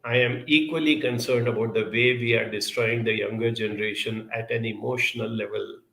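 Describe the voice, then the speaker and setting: Male speaker, gravelly, measured emphatic delivery, roomy echo. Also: mid-range voice, steady tone, a bit bright. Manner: measured, emphatic, frequent uh fillers. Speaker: speaker answering audience questions. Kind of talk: live talk on emotional intelligence.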